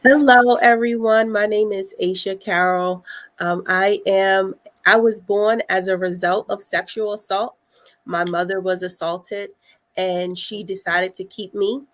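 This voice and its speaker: A young adult woman telling her story on a panel, soft and hesitant, with frequent pauses. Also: mid-range voice, steady tone. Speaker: panel guest sharing survivor story. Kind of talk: personal testimony on a panel.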